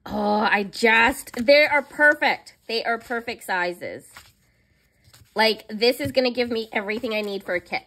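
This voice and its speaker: A woman's voice: on the high side, normal speed, creaky, pushed and bright. A young woman chatting casually in a haul vlog, gushing and squealing over cute planner stickers. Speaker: planner vlogger.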